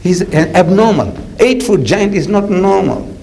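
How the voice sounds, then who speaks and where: An older man with a South African accent delivers a lively storytelling lecture. He is colloquial and theatrical, leaning on casual asides as he talks. His voice sits somewhat high for a man. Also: a little slow, vocal fry, slight background noise, poor audio. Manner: colloquial, theatrical, punctuates with "man" and "you know". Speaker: Islamic preacher.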